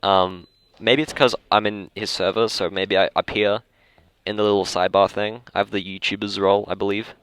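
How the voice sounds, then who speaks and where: Low-voiced Australian young man rambling. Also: flat delivery, brisk, fairly bright tone, clean tone, no echo. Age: young adult. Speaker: podcast host. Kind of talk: casual chat. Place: school library.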